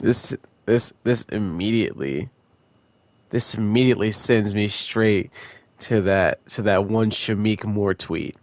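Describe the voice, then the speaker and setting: A man streaming a game, reading dialogue aloud and joking with his chat in a loud, laughing way. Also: fairly low pitch, unhurried.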